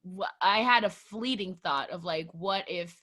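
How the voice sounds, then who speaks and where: A woman's voice: fairly low pitch, a little slow, bright, forceful tone. A young adult woman co-hosting a casual chat, laughing often, swearing, and acting out quotes in exaggerated voices. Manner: laughing, profane, acts out quotes in big voices. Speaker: podcast co-host.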